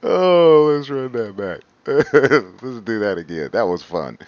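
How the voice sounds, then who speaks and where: A man's voice: medium pitch, animated, slow pace, a little mellow, dry recording, muffled recording. A man hosting a reaction video, chatting casually and laughing often as he repeats himself.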